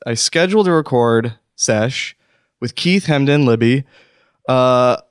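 A man hosting a comedy podcast alone in a studio, rambling and lurching from hushed self-soothing to outbursts. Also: mid-range voice, smooth, no room sound. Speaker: podcast host. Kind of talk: comic solo rant.

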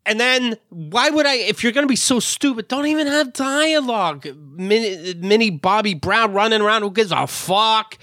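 Sarcastic guy cohost, bright sharp voice, swears a lot, dry mic. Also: high-pitched, expressive, normal speed, few pauses, no echo. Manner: sarcastic, blunt, profane. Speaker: podcast co-host. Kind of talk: casual chat.

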